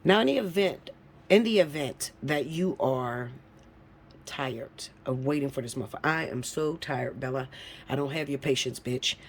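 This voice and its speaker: A woman reading tarot cards to her viewers in a casual, blunt way. She swears freely and teases her audience, dropping to low mutters and then rising to loud, high-pitched bursts. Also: normal speed, a little hiss or hum. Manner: blunt, profane and teasing, breaks into laughs; lively, swinging from low mutters to high shouts. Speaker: tarot reader.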